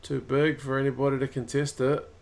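Brief: New Zealand man, home-streamed rugby watch-along, casual live calls, mid-pitch. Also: level tone, creaky. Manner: rises and quickens at close plays. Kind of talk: live match commentary and chat.

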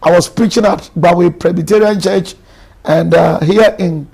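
A man's voice: high voice, steady tone, a little slow, vocal fry, darkish tone, slightly rough. A man with a Ghanaian accent, a bishop and marriage counselor, giving earnest, emphatic pastoral counsel on a live stream and moving between Twi and English.

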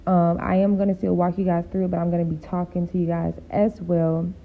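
Woman, low gravelly voice, tired, casual voice-over chat, tinny phone-like sound. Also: flat delivery, brisk. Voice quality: deep gravelly voice. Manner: laid-back, chatty, sleepy late-night talk. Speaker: beauty vlogger. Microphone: home voice-over mic.

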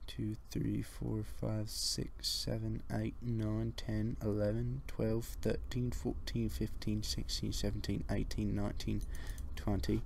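Young male gameplay commentator, low and gravelly, slow and laid-back, mutters counts and rambles, desk mic with faint noise. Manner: relaxed, counts blocks under his breath, rambling asides. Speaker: let's play builder.

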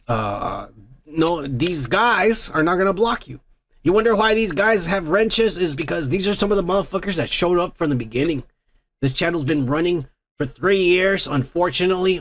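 A man's voice: high-pitched, creaky, a bit bright. A man hosting a podcast, reading viewer comments aloud in casual, rambling, profane chat. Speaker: podcast host.

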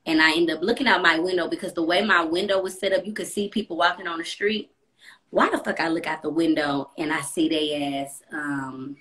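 A woman's voice: fairly low pitch, brisk, fairly bright tone. A young woman livestreaming from her apartment, telling a personal story in a blunt, profane, chatty way. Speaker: live streamer. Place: apartment room at home.

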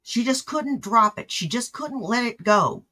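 Blunt, husky reaction commentator. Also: mid-range voice, animated, unhurried, pushed and bright. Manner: blunt, exasperated.

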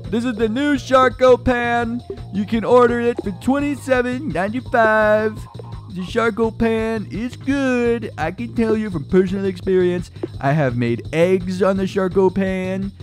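Guy doing a salesy tv pitchman hawking a pan, higher than his normal voice, slow and drawn out. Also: soft background music. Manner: salesy, overly earnest pitch. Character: smooth male infomercial pitchman selling a pan.

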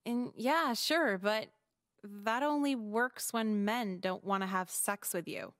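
An actress playing a bitter, cynical teenage girl who speaks in a sharp, sardonic way. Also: medium pitch, no echo, clean studio sound, lightly acted. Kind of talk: video game voice acting.

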